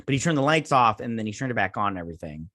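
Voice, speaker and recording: A man's voice: on the low side, expressive, very fast, sharp tone, no room sound, clean studio sound. A man hosting a review channel, recapping an episode in a loose, rambling way with many fillers and restarts, now and then doing playful voices for the characters. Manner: rambling, hesitant, lots of filler words and restarts. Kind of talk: casual plot recap.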